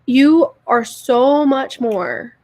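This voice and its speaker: A woman's voice: high-pitched, animated, very slow, a little mellow, no echo. A young woman co-hosting a podcast, talking earnestly in a rambling way, repeating words and restarting as she goes. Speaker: podcast co-host. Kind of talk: heartfelt casual chat.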